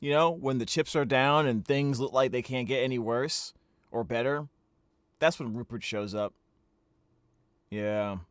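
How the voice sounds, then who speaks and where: A man's voice: mid-range voice, a little slow, long pauses, clean tone, no echo. A man co-hosting a comedy stream, riffing in goofy, rambling asides. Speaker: co-host. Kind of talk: casual comedic banter.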